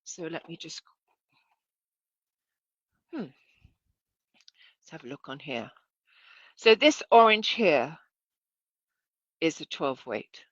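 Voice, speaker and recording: A lower-voiced woman teaches a sewing lesson in a relaxed, chatty way, often correcting herself and checking that viewers can see. The sound is dry and a little dull. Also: very slow, pauses often, no echo. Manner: chatty, self-correcting, asks viewers to look. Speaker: sewing instructor. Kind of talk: casual demonstration lesson.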